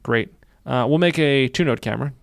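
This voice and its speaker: Fast-talking man with a gravelly voice. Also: mid-range voice, no echo, studio quality. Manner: upbeat, repeats phrases while narrating clicks. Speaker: software instructor. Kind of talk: screen-recorded tutorial.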